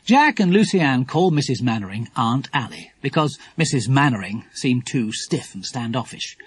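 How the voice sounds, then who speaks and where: Animated husky-voiced male narrator. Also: mid-range voice, moderate pace, hardly any pauses, no echo. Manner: animated, expressive. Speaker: audiobook narrator. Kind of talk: children's audiobook narration.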